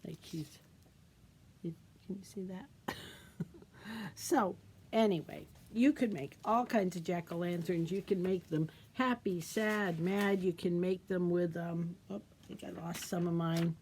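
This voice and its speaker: A middle-aged woman children's librarian speaks in an unhurried, mellow voice. She guides kids through a drawing craft in a gentle, sing-song teacherly manner. A faint hiss sits beneath the recording. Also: fairly low pitch. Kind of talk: storytime craft demonstration for kids.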